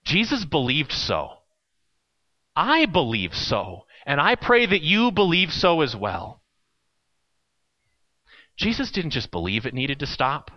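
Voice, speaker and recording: A man preaching a sermon, telling a story with acted quotes and dramatic pauses. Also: medium pitch, muffled recording. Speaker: pastor.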